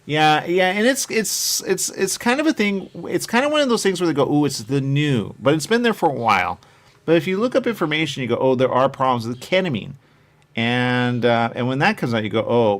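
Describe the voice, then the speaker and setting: A man's voice: fairly high pitch, animated, a little fast. A man hosting a show, chatting casually and rambling from point to point, often acting out what other people say. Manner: meandering, chatty, acts out quoted voices. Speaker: show host.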